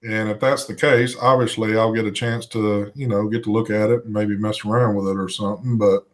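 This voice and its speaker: A man's voice: on the low side, level tone, a little fast. A man co-hosting a live vaping show, chatting casually, reading out viewer comments and swearing now and then. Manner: laid-back, swears casually, reads chat aloud. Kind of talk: casual live-stream chat.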